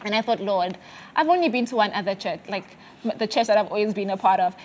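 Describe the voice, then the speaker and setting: In conversation, a woman from South Africa recounts her personal faith testimony in a medium-pitched voice, with slight background noise. Her delivery is earnest yet halting, full of fillers and false starts.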